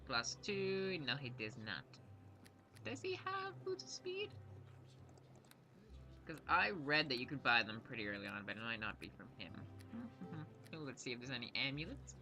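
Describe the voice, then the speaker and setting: A man's voice: mid-range voice, animated, normal speed, hardly any pauses, pushed and bright, faint music behind. A man giving casual, joking let's-play commentary on a game, self-mocking and laughing often. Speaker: game streamer.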